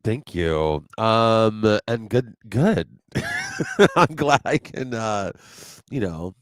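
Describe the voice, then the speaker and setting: A man's voice: lowish voice, huge pitch swings, extremely slow, no echo, clean studio sound. A man who is a guest musician, chatting casually and rambling with fillers. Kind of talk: casual chat.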